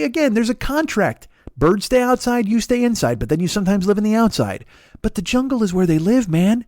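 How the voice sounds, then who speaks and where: A middle-aged man doing a rambling, profane comedy monologue as a podcast host, full of restarts and animated rants. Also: high-pitched, fairly quick, no echo, clean studio sound.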